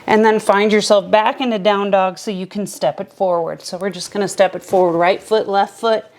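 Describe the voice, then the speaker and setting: A young adult woman teaching a beginner yoga class, calmly cueing each breath and movement step by step. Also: medium pitch, moderate pace. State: a little out of breath at times. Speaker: yoga instructor. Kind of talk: guided yoga class instruction.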